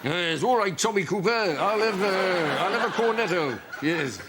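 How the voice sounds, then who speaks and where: A man's voice: high voice, expressive, normal speed, very noisy. A man voicing a grumpy, blunt old royal consort who blusters and barks at shopkeepers. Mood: blustering. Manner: blustering, impatient, shouting at sellers.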